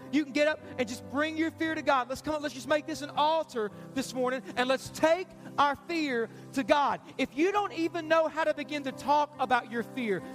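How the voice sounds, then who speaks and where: A pastor giving an urgent, repetitive altar call in a church sermon. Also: male voice, very high voice, fairly bright tone. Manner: urgent, repetitive, pleading preaching. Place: church stage.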